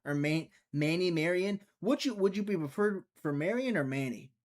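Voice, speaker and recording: His voice is high and animated, at a normal speed: a young man from Mississippi, USA, hosting an easygoing live stream. He jokes, rambles on, and reads chat aloud as he responds to it.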